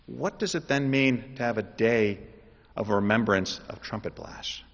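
A man preaching a sermon in an animated way, building up to loud, emphatic calls. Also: lowish voice, a little slow, creaky. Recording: dull sound with long hall reverb.

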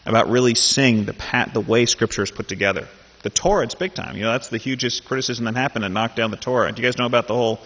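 A man's voice: fairly low pitch, fairly bright tone. A man leading a Bible study, talking casually and then reading a scripture passage aloud with animation. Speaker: Bible teacher. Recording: dull sound in a reverberant hall.

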